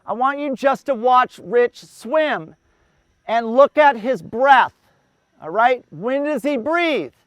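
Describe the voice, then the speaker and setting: A man with a very high speaking voice coaches a group of athletes outdoors. He explains breathing cadence patiently, counting the steps aloud in a steady rhythm. His tone is smooth and clear, with a close, dry sound. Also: slow pace, no echo. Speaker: endurance coach.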